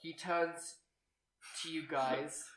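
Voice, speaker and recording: Rambling game master in echoey room. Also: male voice, fairly high pitch, steady tone, very slow, a bit bright, recorded from a distance. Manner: rambling, hesitant narration with fillers. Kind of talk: narrating a tabletop game.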